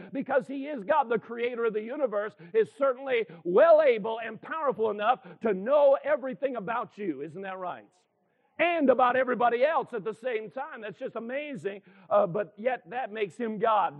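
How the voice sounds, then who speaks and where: High-voiced pastor preaching on a tinny line. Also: male voice. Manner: earnest, emphatic, asks the congregation for responses. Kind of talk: sermon. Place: church before a congregation. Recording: tinny phone-like sound.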